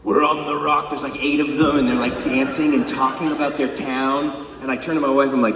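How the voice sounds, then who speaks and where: A man's voice: mid-range voice, level tone, brisk, hardly any pauses, background noise. A middle-aged man, a singer-songwriter, telling funny, profane stories between songs at a live concert, often laughing. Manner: laughing, profane, comic storytelling. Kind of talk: stage banter storytelling. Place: concert theater stage. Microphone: stage vocal mic. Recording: echoey hall from far off. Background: audience ambience.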